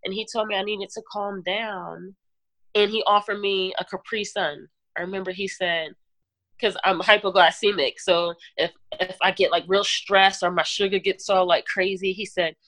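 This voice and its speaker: A woman guest giving an earnest personal testimony in an interview, talking in halting runs with restarts and fillers. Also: medium pitch, steady tone, a bit bright, no echo. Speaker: podcast guest.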